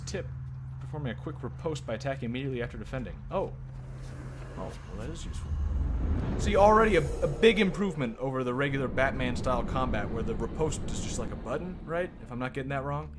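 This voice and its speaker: A man's voice: mid-range voice, expressive, quick pace, background noise. A man streaming a card game, reading its text aloud and rambling with casual swearing. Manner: profane, rambling. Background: game music.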